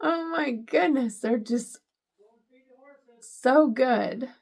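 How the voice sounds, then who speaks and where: A woman's voice: high-pitched, extremely slow, creaky, a little mellow, slightly rough. A middle-aged woman vlogger unboxing gifts, gushing and teary with emotion. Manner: gushing, emotional, tearful at times. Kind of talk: casual unboxing vlog.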